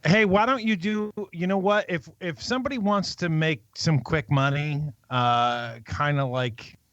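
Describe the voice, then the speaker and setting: A man co-hosting a podcast in casual chat, quick, emphatic and joking. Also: on the high side, a bit bright, no room sound, highs cut off. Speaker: podcast co-host.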